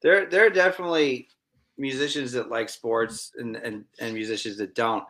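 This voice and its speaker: A man, a musician guest, giving opinionated views in a casual chat, halting and restarting his sentences. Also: mid-range voice, steady tone, crowd noise.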